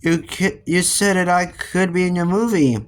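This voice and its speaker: A man's voice: high-pitched, fairly even intonation, moderate pace, clear, resonant tone, voice pushed up, close to an everyday voice. Sour, grumbling young girl in a raised voice, done by a man. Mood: complaining. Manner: sour, complaining.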